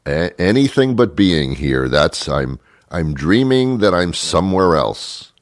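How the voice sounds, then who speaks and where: Deep-voiced exasperated male talk host. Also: sing-song, a little slow, no echo, clean studio sound. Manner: rambling, exasperated, stammering restarts. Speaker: radio show host. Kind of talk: comedic monologue rant.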